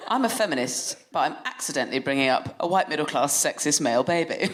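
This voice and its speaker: A woman's voice: low voice, fast, a crowd in the background. A woman co-hosting a live comedy podcast on stage, telling playful comic stories. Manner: animated, playful comic storyteller. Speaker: guest co-host. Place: stage before a live audience.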